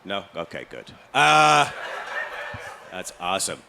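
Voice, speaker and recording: A man doing stand-up comedy in a club, telling deadpan stories about his family and chatting with the crowd. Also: sits low, slow pace, creaky, noisy background. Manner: deadpan storytelling, loud put-on voices for family.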